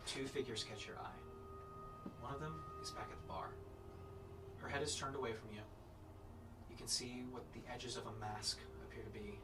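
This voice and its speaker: Laid-back game master, distant mic. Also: male voice, medium pitch. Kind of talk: narrating a tabletop game. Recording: distant mic, background music.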